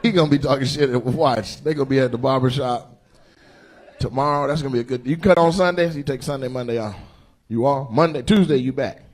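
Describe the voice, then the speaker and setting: On a club stage, a man does stand-up and crowd work in a mid-range, fairly quick voice. He's loud and animated, lurching from shouts to mutters, recorded live through a stage mic.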